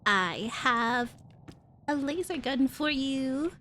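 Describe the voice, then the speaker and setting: A woman's voice: high-pitched, expressive, slow pace, sharp tone, a little hiss or hum. A woman streaming a video game, chatting playfully, exclaiming and laughing as she plays. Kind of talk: casual gameplay chatter.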